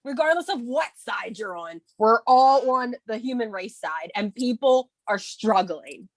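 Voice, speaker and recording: A woman's voice: a little high, animated, unhurried, no room sound. A woman in her thirties co-hosting a morning video call, speaking candidly and emotionally with emphatic bursts and restarts. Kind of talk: casual motivational chat.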